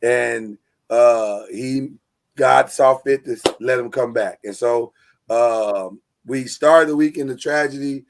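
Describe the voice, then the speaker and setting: A man hosting a live sports talk show online, energetic and joking, loose with fillers. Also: mid-range voice, takes it slowly, gravelly, background noise. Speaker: host.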